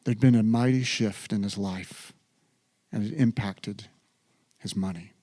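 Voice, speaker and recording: A man's voice: fairly low pitch, measured pace, mellow. A male pastor preaching a sermon in a church, with a dramatic delivery that sinks to near whispers. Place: church sanctuary.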